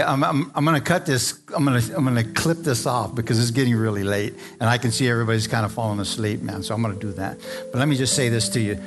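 A man preaching a live sermon to a congregation, fervent and repetitive, often calling out to the crowd for an amen. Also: mid-range voice. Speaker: pastor. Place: church service before a congregation.

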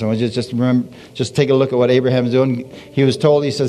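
A man preaching a sermon, animated, repeating his phrases and dropping in hallelujahs. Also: mid-range voice, quick pace, few pauses, soft background music.

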